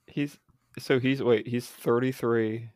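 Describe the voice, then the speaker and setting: A man's voice: medium pitch, fairly even intonation, slow pace, darkish tone, dry recording. A man chatting casually on a podcast, often repeating words as he starts a sentence. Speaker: podcast guest. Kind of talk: casual chat.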